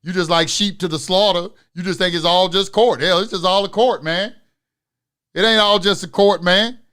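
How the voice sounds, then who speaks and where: High-voiced man ranting in a live class. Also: fairly even intonation, normal speed. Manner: profane, preachy, swings from loud ranting to muttering. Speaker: instructor of an online class. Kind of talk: live online lecture.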